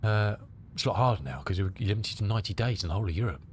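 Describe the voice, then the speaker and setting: A man's voice: fairly low pitch, animated, very fast, a little hiss or hum. A middle-aged man from England with a cold, chatting casually with his live-stream viewers and rambling as he answers their comments. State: has a cold. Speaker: flight sim streamer.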